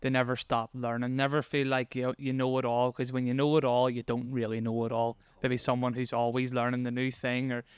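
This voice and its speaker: Smooth-voiced young podcast host. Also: male voice, medium pitch, little pitch movement, fairly quick, hardly any pauses, no room sound. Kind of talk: podcast interview.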